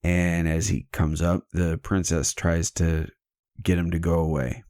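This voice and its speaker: A man's voice: low-pitched, flat delivery, unhurried, darkish tone, no echo, studio quality. A man hosting a podcast, retelling a legend in a casual, irreverent and jokey way, swearing freely. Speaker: podcast host. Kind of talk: casual storytelling chat.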